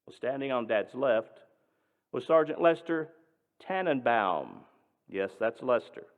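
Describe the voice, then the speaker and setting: A male pastor tells a story in a sermon, speaking dramatically and emphatically, with his voice moving between loud and hushed. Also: medium pitch, animated, takes it slowly. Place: synagogue sanctuary. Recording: tinny, echoing hall.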